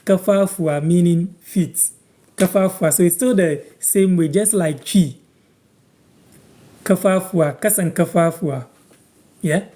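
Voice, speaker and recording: A man from Ghana teaching words on a live stream, patiently repeating each phrase slowly for viewers. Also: high voice, dark tone. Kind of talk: live-stream language lesson, answering viewers.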